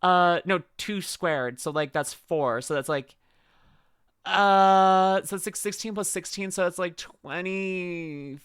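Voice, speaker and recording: A woman's voice: on the low side, slow, clean tone, no room sound, studio quality. A young adult woman streamer chatting casually and playfully, often laughing as she reads chat aloud. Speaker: VTuber streamer.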